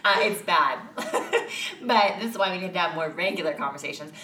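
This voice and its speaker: Low, bright-voiced woman in echoey room. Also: a little fast. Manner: laughing often, swearing freely. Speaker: podcast co-host. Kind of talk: casual chat. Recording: echoey room, mic at a distance.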